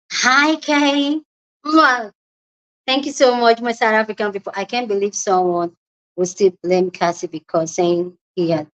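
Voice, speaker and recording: A young Nigerian woman with a Nigerian accent hosting a casual live chat, greeting viewers by name and giving her opinions. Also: lowish voice. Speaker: livestream host. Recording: lo-fi livestream audio.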